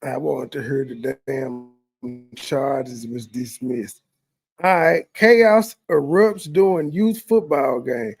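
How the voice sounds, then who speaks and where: A man's voice: fairly high pitch, takes it slowly, gravelly, husky, no room sound. A male streamer giving blunt, profane running commentary on video clips. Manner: blunt, profane, talks back at the footage. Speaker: streamer reacting to bodycam videos. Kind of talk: casual commentary.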